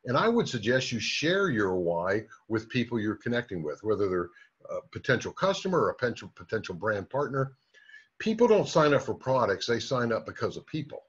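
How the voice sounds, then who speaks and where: A man's voice: medium pitch, big pitch swings, fairly quick, breathy edge. A man giving a motivational business training talk, speaking directly to his listeners and coaching them with frequent "right?" and "okay?" checks. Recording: dull lo-fi recording.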